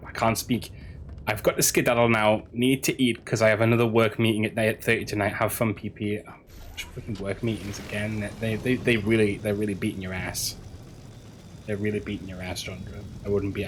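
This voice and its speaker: A man's voice: fairly low pitch, steady tone, fairly quick, a little hiss or hum. A man streaming a game, chatting casually with his chat, stumbling over and repeating words as he rambles and swears now and then.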